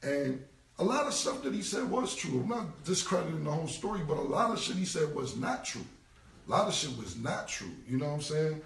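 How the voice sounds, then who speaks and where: A man, ranting on a casual live stream. His speech is blunt and repetitive, with a gravelly, slightly high voice. He sits a little off the mic in a roomy space. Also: big pitch swings, a little fast, distant mic. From United States. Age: 40s. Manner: blunt, repetitive street talk. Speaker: rapper. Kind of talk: casual Instagram live rant.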